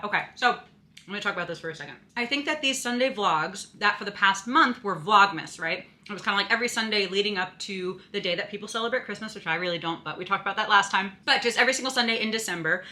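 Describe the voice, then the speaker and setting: Bright-voiced chatty young woman vlogger. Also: mid-range voice. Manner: chatty, lots of "like" and "you know". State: out of breath. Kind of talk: casual vlog chat.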